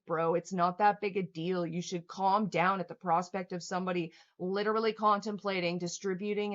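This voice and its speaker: A young woman rants at her livestream chat, heated and sarcastic, swearing constantly. Her voice sits in a middle register. The stream audio is slightly dull and lo-fi. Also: medium pitch. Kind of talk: angry livestream rant reading chat.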